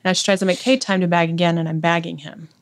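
A middle-aged woman with a lowish, gravelly voice, talking as a podcast guest. She recounts events vividly and intensely, acting out what people said. Her tone stays conversational throughout. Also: flat delivery, very fast. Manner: intense, vivid retelling with quoted speech. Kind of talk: conversational storytelling.

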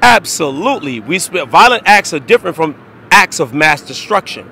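A man preaching on a city street outdoors, combative and lecturing, often raising his voice to a shout. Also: a little high, very animated, moderate pace, slight background noise.

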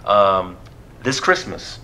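A man's voice: on the low side, sing-song, slow pace, pushed and bright. A man co-hosting a movie review, chatting casually, joking and laughing often.

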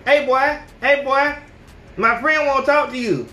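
A man putting on the voice of a loud, brassy young woman catcalling a guy in a profane way. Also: very high-pitched, steady tone, a little slow, pitched above the performer's own voice, full character voice. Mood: brash. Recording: echoey room with faint noise.

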